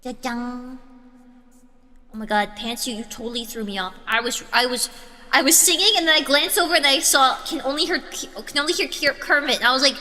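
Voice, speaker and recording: A woman's voice: high voice, a little fast, pushed and bright, big-room sound, a little hiss or hum. A woman hosting a livestream in casual chat, rambling and giggling often between thoughts. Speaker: streamer host.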